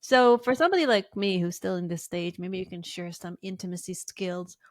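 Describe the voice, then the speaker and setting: A woman's voice: on the low side, brisk. A woman hosting a casual interview podcast, playful and self-teasing, laughing along with her guest. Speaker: podcast host.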